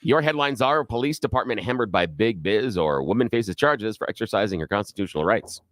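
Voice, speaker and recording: A man's voice: lowish voice, fairly quick, no echo. Radio guy running a news bit, sarcastic, bouncy delivery, dry studio mic. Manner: animated, sarcastic. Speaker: radio co-host. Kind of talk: talk radio news banter. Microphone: studio microphone.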